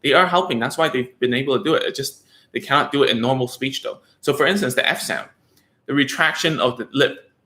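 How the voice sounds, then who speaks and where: This speech therapist talks fairly quickly in a medium-pitched voice that sounds pushed and bright, with an echoey room around him. His explanation to parents is loose and chatty, full of fillers and tag questions like "okay?"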